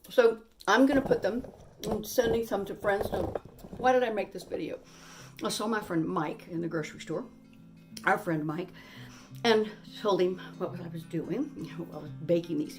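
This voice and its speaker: A woman's voice: on the low side, normal speed, faint music behind. A woman hosting her own cooking channel from her home kitchen, chatting casually and enthusiastically as she bakes. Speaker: cooking show host. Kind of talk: casual cooking vlog chat.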